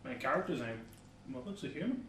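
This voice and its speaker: A man's voice: mid-range voice, expressive, brisk, a bit bright, recorded from a distance. A man co-hosting a podcast, chatting casually and swearing freely. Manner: sweary, laughs easily. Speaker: podcast co-host. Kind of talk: casual banter. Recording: echoey room, off mic, faint noise.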